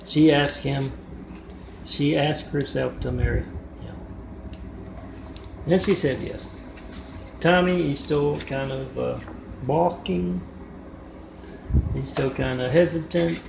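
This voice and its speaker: Male vlogger, raspy-edged voice, meandering casual storytelling into a phone, roomy and noisy recording. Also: fairly high pitch, slow pace, long pauses. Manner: meandering, wry asides, frequent fillers. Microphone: phone front camera. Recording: echoey room with background noise.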